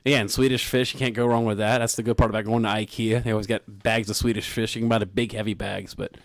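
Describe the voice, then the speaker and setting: A man's voice: lowish voice, flat delivery, fast, no echo, clean studio sound. A man hosting a casual sports radio chat, joking and laughing often. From Philadelphia area.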